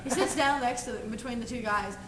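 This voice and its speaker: A woman's voice: on the high side, brisk, distant mic. A young woman casually retelling a movie scene to friends, rambling with lots of "like" and frequent giggles. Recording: echoey room with noise.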